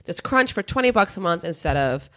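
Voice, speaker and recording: A young woman chatting casually on a podcast, her voice sitting a little low and her words tumbling out quickly. She rambles, padding her sentences with fillers. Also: big pitch swings, a bit bright, no echo, studio quality. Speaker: podcast co-host. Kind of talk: casual chat.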